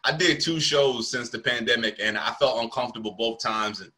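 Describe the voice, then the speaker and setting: A man's voice: mid-range voice, fairly quick, pushed and bright. A male comedian hosting a casual chat, telling loose slangy stories and laughing often. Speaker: comedian and podcast host.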